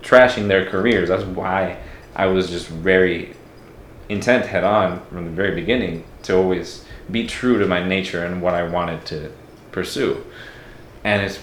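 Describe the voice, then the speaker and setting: A man's voice: deep voice, a little slow, roomy sound, slight background noise. A man from Mexico talking as a podcast guest, reflective and candid in a casual interview.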